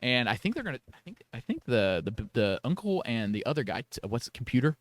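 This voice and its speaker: A young man co-hosting a podcast, chatting casually and excitedly about a TV show, rambling with lots of restarts. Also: medium pitch, quick pace, no echo. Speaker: podcast co-host. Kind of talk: casual TV review chat.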